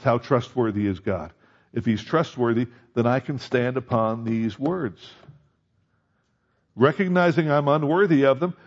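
Male pastor, conversational sermon delivery with emphatic peaks, mid-pitched, slightly dull recording.

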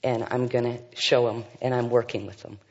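A man's voice: mid-range voice, level tone, normal speed. A man leading a Bible study, reading scripture aloud and commenting with frequent fillers and asides. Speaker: Bible teacher. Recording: dull sound with long hall reverb.

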